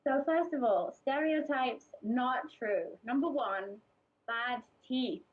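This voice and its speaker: A woman's voice: a little high, takes it slowly. A young woman from England giving a casual, chatty presentation to a group, hesitating often with ums and restarts. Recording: dull lo-fi recording.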